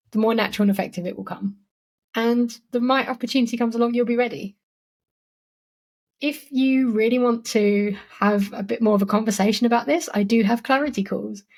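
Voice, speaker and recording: A woman's voice: on the high side, a little mellow. A woman hosting a solo podcast, giving marketing advice in a chatty, encouraging way with frequent "like" and "you know". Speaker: podcast host.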